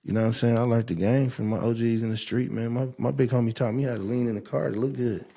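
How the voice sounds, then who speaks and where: A young adult man hosting a casual podcast chat, telling stories and ranting in a profane, mocking, animated way. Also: mid-range voice, fast talker, creaky. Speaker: podcast host.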